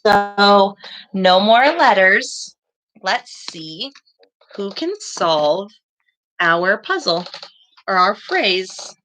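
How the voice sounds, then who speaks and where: Slow-speaking encouraging woman teacher. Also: medium pitch, expressive, fairly bright tone. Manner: encouraging, slow and deliberate with children. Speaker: second grade teacher. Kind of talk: live-streamed online class.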